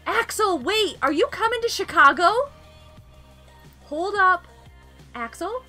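A woman's voice: very high-pitched, animated, takes it slowly, pushed and bright, soft background music. Bubbly giggling woman streamer. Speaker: game live streamer. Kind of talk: casual live-stream chat with viewers.

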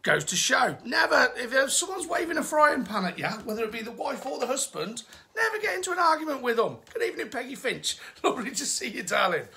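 Jokey gravelly Midlands man. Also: very high-pitched, big pitch swings, fairly quick, sharp tone. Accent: English, Midlands. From England. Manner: jokey and chatty, greets viewers by name. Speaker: tour guide hosting a live history stream. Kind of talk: casual live-stream history talk.

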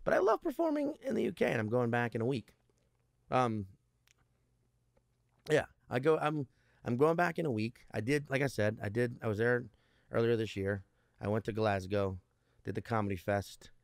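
A man's voice: medium pitch, lively intonation, normal speed, creaky, long pauses, no echo, clean studio sound. Rambling, profane male comedian. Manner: rambling, profane, restarts a lot. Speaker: stand-up comedian guest. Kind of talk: casual podcast interview.

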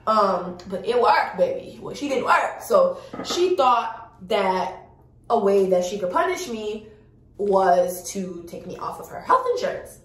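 A woman in her early twenties telling a personal story to her viewers in a frank, animated way, swearing freely. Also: medium pitch, measured pace, recorded from a distance. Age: early 20s. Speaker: vlogger. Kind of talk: casual storytime chat. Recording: echoey room, voice off-mic.

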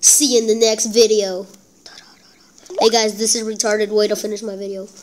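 A woman giving casual gameplay commentary, excitable and self-deprecating, talking straight to her viewers. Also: medium pitch, moderate pace, a little hiss or hum, rough recording. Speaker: gameplay channel host.

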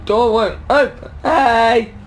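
A man's voice: very high-pitched, fairly even intonation, slow, background noise. A young man commenting on a horror video game, jumpy, yelping and talking back at the characters. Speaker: gaming YouTuber.

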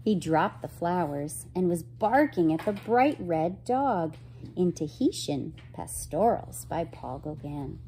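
A woman reading a children's picture book aloud, expressive and gentle, asking her listeners questions. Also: fairly low pitch, takes it slowly, a little hiss or hum, rough recording. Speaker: storyteller.

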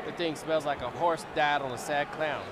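A man voicing an absurd, blustery basketball player in a lip-reading parody dub, with silly lines that swing between shouting and muttering. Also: on the high side, steady tone, moderate pace, lightly acted. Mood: goofy. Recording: arena crowd and loud noise behind.

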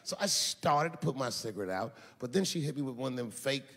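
A man doing stand-up comedy for a live audience, talking loudly and profanely and building his jokes up to shouted punchlines. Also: medium pitch, lively intonation, a little fast, slightly rough. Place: large stage before a live audience. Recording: live hall with long reverb, faint crowd noise.

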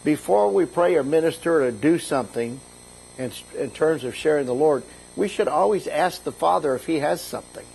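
A man's voice: fairly high pitch, animated, normal speed, vocal fry, darkish tone, a little hiss or hum, rough recording. A middle-aged man, a bishop, preaching a conversational sermon, retelling scripture in a casual, folksy way and lifting his voice for quoted lines.

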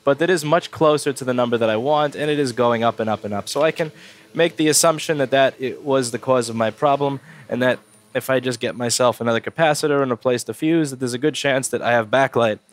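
At his workbench, a man with a stuffy cold talks fast through a casual circuit board repair walkthrough, getting blunt and swearing when annoyed. He's a repair technician with a mid-range voice.

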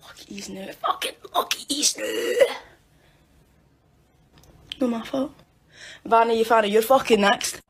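Brief: taunting robot played by a woman, slightly high, slow and smug. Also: creaky, breathy edge, heavily acted. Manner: taunting, giggling, crude.

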